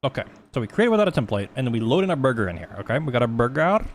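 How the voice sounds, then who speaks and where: A young man casually walks through 3D texturing on a live stream, rambling, swearing freely, and mocking himself. He races along in a mid-range voice with big pitch swings.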